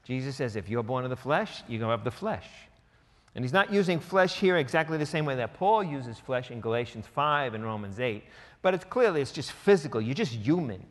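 A man's voice: mid-range voice, animated, brisk. A man preaching a sermon as pastor, emphatic and conversational, slipping into quoted asides. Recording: reverberant hall.

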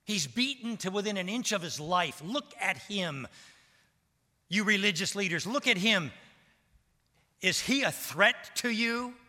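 A man voicing a scornful male Roman governor, speaking loudly and dismissively in a sermon. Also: high voice, exaggerated voice. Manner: loud, emphatic and dismissive. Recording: long hall reverb.

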